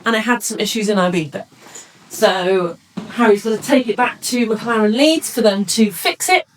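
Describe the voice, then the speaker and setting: A woman, a professional saxophonist, chatting excitedly in a casual vlog. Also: medium pitch, moderate pace, slight background noise. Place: in a car and out and about.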